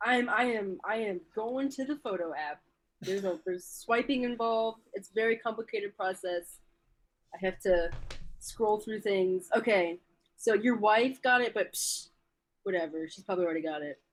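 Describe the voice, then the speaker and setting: A woman's voice: mid-range voice, moderate pace, low-quality recording. Young woman co-host, playful and jokey, casual stream chat. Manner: playful, jokey, laughs often.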